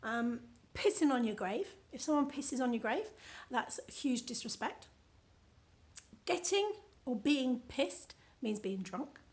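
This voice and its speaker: A woman's voice: a little high, animated, slow, darkish tone. A British woman with a chatty, playful manner, casually reading from her own book and adding commentary. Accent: British English. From United Kingdom.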